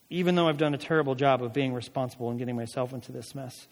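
Speaking fast and with hardly any pauses, this pastor's somewhat high voice climbs into emphatic calls during the prayer sections of his sermon. It was recorded in a church sanctuary with long hall reverb.

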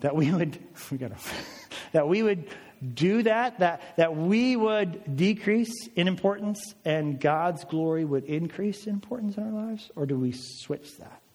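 A man's voice: high-pitched, expressive, unhurried, darkish tone, in a large hall. A pastor preaching a sermon to his church, earnest and emphatic, repeating phrases for stress. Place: church sanctuary.

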